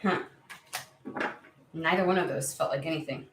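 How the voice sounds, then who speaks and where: A woman giving a casual tarot reading to her viewers, chatty and excitable, swearing freely and talking through plenty of fillers. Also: sits low, normal speed, reverberant, noisy background. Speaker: tarot reader.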